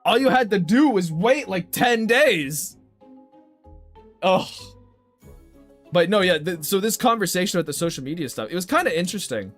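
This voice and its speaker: Drawing live for his viewers, a young man speaks at normal speed with long pauses, his high voice swinging widely in pitch. Faint music plays as he rants casually and swears a lot.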